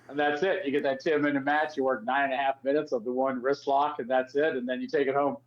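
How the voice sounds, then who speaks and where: Male co-host, easygoing chatter, jumps in with quick laughing remarks. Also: mid-range voice, level tone, highs cut off. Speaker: podcast co-host. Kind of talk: casual chat.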